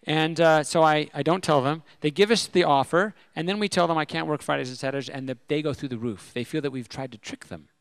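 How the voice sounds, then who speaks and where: A middle-aged man telling a personal story at a convention, animated and self-deprecating. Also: fairly high pitch, quick pace, hardly any pauses, clear, resonant tone, no echo. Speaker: speaker at a religious convention.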